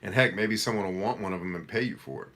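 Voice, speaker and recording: A middle-aged man with a low, deep voice runs a casual live coaching session, reading viewer comments aloud. He answers in a direct, energetic, motivational way. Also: quick pace. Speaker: life coach hosting a live Q&A.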